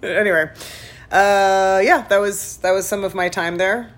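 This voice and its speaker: A woman's voice: mid-range voice, fairly even intonation, unhurried. A woman in casual chat, telling a rambling story full of restarts and "like".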